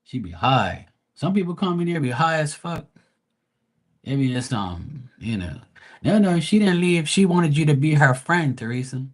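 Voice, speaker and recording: A man's voice: on the high side, lively intonation, normal speed. A man who reads tarot live, chatting casually with his viewers in a blunt, profane, slangy and rambling way. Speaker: live tarot reader and streamer. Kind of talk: casual livestream chat.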